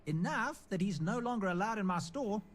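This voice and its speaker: A man's voice: high voice, animated, fairly quick. A man voicing a friendly, principled shopkeeper in a video game, chatty and wry. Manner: chatty, wry and good-natured.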